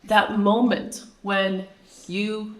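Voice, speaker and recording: A woman's voice: medium pitch, little pitch movement, very slow, fairly bright tone, roomy sound, rough recording. A woman in the audience asking an earnest, rambling question at a screening Q&A. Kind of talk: Q&A question from the floor.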